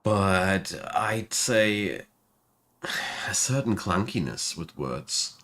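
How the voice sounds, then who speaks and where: A man's voice: low-pitched, lively intonation, extremely slow, fairly bright tone. A man with a German accent, chatting casually while streaming a game and talking about it. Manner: chatty, laughs at himself. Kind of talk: casual gameplay commentary.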